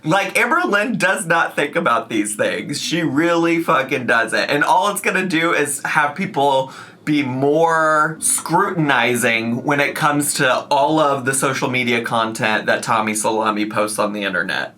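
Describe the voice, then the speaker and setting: A young man talks through a reaction video in a bright, forceful voice. He is sarcastic and exasperated, and he keeps it chatty and informal. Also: a little high. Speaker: commentary YouTuber. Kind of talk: reaction commentary.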